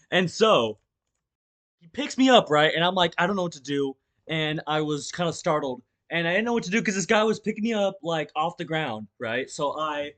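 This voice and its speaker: A young male vlogger with a slightly high, somewhat bright voice tells a rambling, casual storytime, acting out events with gestures while swearing, restarting and filling pauses.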